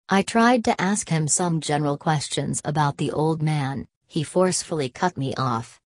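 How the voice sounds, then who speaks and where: A woman reading a story aloud as an audiobook narrator, in an even, unhurried way. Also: low-pitched, dry recording.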